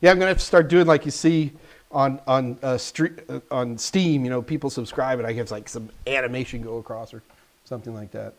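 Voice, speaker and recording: A man's voice: mid-range voice, fairly even intonation, brisk. A man hosting a live stream, answering viewers' tech questions in a casual, joking way and talking straight to the chat.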